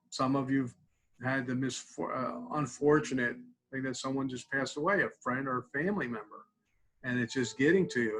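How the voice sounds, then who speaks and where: Man leading a relaxed coping-skills webinar. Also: mid-range voice, rough recording. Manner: conversational, tags lines with "okay?"; guides tapping and mindfulness exercises. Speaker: student support clinician. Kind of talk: live counseling webinar.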